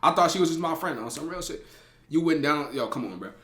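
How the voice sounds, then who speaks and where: Young man, raised voice, slangy, laughing, loud then hushed, roomy echo. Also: on the high side, quick pace. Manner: animated, slangy, laughs often, swings between loud and hushed. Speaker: streamer telling a story to live chat. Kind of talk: casual storytime to chat.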